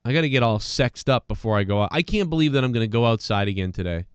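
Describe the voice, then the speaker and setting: A man's voice: mid-range voice, lively intonation, fast, clear, resonant tone, dry recording. A man hosting a podcast, talking in a casual, rambling and profane way while congested from allergies. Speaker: podcast host. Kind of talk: casual solo rant.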